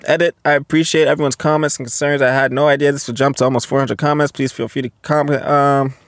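This twentysomething podcast host speaks at medium pitch, flatly and quickly, with no echo. Alone on the mic, he reads posts and reacts to them loudly and bluntly, cursing freely.

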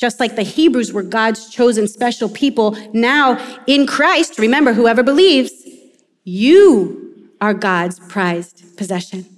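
A woman preaching a sermon, telling stories in an animated way and acting out the quotes. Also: on the high side, slow. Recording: long reverb of a large hall.

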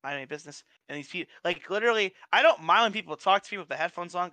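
A young man co-hosting a casual podcast, telling stories in an animated, profane way with frequent restarts. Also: high voice, quick pace, no echo. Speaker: podcast co-host. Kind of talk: casual chat.

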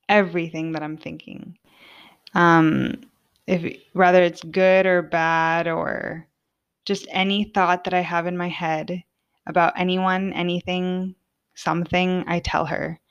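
A woman's voice: lowish voice, clear, resonant tone, muffled recording. Heartfelt young woman hosting a podcast. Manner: casual, heartfelt, lots of "like". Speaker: podcast host. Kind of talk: personal monologue.

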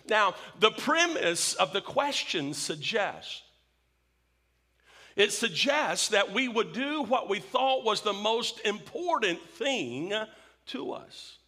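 Slow, bright-voiced man preaching. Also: high-pitched, very animated. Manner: emphatic, repeats questions for effect, slow deliberate delivery. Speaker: pastor. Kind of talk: evening sermon.

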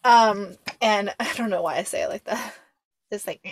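A young woman co-hosting a podcast, chatting casually with lots of fillers and quick asides. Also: mid-range voice, dry recording. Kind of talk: casual chat.

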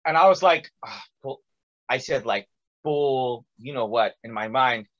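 A man's voice: medium pitch, normal speed, muffled recording. A man telling a long personal story in casual conversation, acting out quotes with lots of fillers. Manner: animated, acts out quotes with many fillers.

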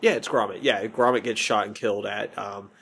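A man's voice: lowish voice, fairly even intonation, fairly quick, vocal fry, fairly bright tone, slight background noise. A man hosting a movie podcast in casual chat, rambling and often correcting himself. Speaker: podcast host.

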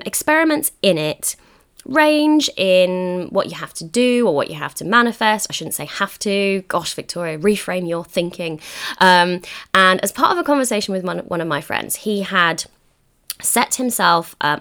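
A woman's voice: fairly low pitch, expressive, moderate pace, a bit bright, clean tone. A young woman hosting a solo podcast as a manifesting coach. She talks emphatically and encouragingly, often putting questions straight to the listener.

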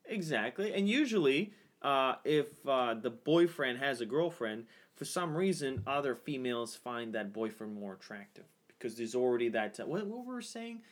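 A man co-hosting a casual podcast, joking around with a lively, playful delivery. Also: mid-range voice, normal speed, hardly any pauses. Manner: joking, animated, puts on silly accents. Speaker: podcast co-host.

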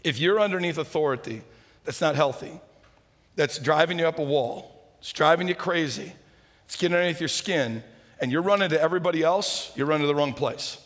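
A male pastor preaching an animated sermon, swinging from shouts to hushed asides and calling the congregation guys. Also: a little high, brisk. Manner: talks to the congregation informally, calling them guys. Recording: echoey hall.

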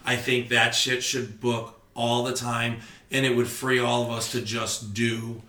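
A young male comedian chatting on a podcast, telling stories with animated energy and constant swearing. His voice is bright and forceful, at a middling pitch. The sound carries the echo of a roomy space. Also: unhurried. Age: young adult. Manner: animated storytelling, heavy swearing. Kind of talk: casual podcast chat.

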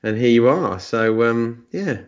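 A man's voice: mid-range voice, animated, unhurried, lo-fi sound. A man, a departing podcast co-host, chatting casually and joking at his own expense. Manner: self-deprecating, joking, many restarts.

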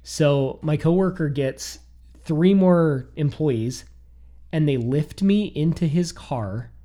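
A man's voice: on the high side, slow. A man in his thirties telling a personal story in a casual chat, acting out what he and others said. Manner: animated, quotes himself and others.

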